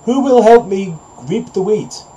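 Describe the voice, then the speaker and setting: A hardworking little hen, voiced by a man, speaks in a raised, earnest voice. She sounds mellow and pleading, a storybook figure asking for help. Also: sits high, unhurried, voice pushed up, low-quality recording.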